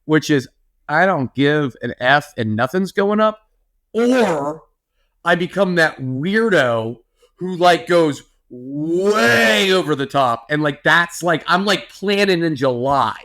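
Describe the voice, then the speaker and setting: A young man co-hosting a podcast, talking in an animated, playful way with lots of filler words. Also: on the high side, slow. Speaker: podcast co-host. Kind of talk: casual chat.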